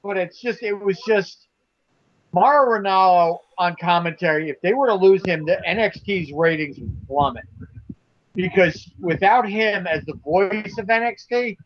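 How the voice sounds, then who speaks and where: A man's voice: sits high, a little slow, lo-fi sound. A man co-hosting a casual wrestling talk show, emphatic and prone to repeating himself as he makes his points. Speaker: podcast co-host.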